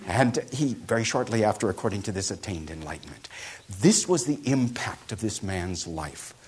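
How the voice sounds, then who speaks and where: A man's voice: lowish voice, expressive, moderate pace, a little mellow, slightly rough. A man giving a storytelling talk, hesitant, with many fillers and self-corrections. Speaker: speaker.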